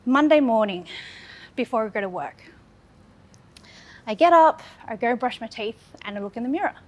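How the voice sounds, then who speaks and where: Recorded with muffled sound, this high-leaning, animated voice moves at a normal speed. It belongs to an Australian public speaker in her thirties telling personal stories frankly and sincerely, layering her talk with recurring phrases.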